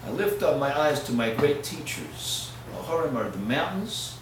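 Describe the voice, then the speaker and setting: A man gives a rabbi's sermon, telling a story and dropping to hushed asides before rising to loud, emphatic peaks. His voice sits a little high. He is heard from a distance in a strongly echoing hall with a faint hiss. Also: very animated, moderate pace. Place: lecture hall. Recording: echoey hall, from far off.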